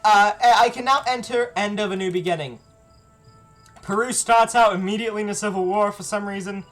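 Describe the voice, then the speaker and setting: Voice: medium pitch, brisk, fairly bright tone, soft background music. A streamer chatting casually while playing a strategy game, often reading on-screen text aloud. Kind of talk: casual live game commentary.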